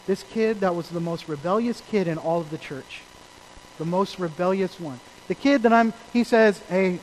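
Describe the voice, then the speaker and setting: A man preaching a sermon as a pastor, telling stories earnestly and moving between loud emphasis and quiet asides. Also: high voice, a little hiss or hum, rough recording.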